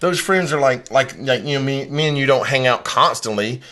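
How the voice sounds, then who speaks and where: A man hosting a casual podcast, his voice sitting at an ordinary middle pitch. He rambles through stories in a loose, relaxed way, swearing freely and leaning on fillers. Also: moderate pace, slight background noise. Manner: relaxed, profane storytelling with lots of fillers. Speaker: podcast host.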